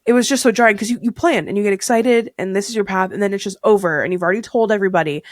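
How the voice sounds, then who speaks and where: A young woman who is a podcast guest, telling a story in a casual, animated way and acting out the dialogue she quotes. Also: medium pitch, racing, no echo, studio quality.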